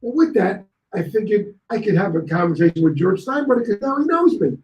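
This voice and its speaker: High-voiced man telling stories in an echoey room. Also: a little fast, lo-fi sound. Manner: lively storyteller who acts out other people's lines. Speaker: guest. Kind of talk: anecdotal storytelling.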